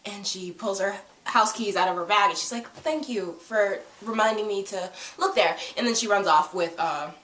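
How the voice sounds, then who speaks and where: A woman's voice: mid-range voice, normal speed, few pauses, a bit bright. A young woman casually recapping a TV episode, chatty and giggly, acting out the characters' lines as she goes. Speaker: TV episode reviewer. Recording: echoey room, distant from the mic.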